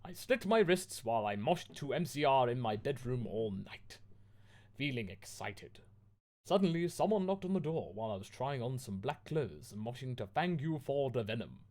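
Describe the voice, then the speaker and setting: A man's voice: mid-range voice, normal speed. A man from the United Kingdom reading bad fanfiction aloud in a mock-dramatic comic style. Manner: mock-dramatic, lively delivery.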